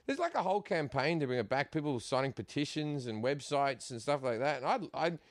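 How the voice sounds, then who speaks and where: A middle-aged Australian comedian telling stories in a casual chat, animated and quick to laugh, acting out other people's lines. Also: male voice, a little high, no echo, studio quality. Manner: animated, acts out quotes in put-on voices, laughs often. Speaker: guest comedian. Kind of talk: casual storytelling.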